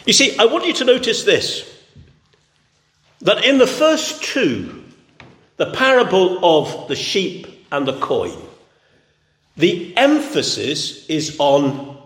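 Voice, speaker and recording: A man's voice: high-pitched, a bit bright. A man preaching a sermon with an emphatic, repetitive cadence. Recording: echoey hall.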